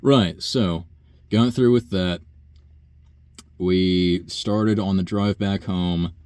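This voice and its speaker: Young man, low pitch, dry close sound, rambling profane rant, frequent sighs. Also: fairly even intonation, very slow, a little mellow, smooth, no echo. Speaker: nursing home worker. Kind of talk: casual rant monologue.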